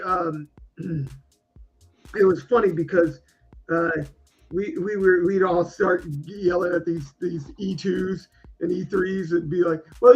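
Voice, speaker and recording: A man with a high, husky voice tells army stories in casual podcast chat. He stops and restarts often and stumbles over fillers. The sound is a little muffled and lo-fi. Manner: halting, many restarts and fillers.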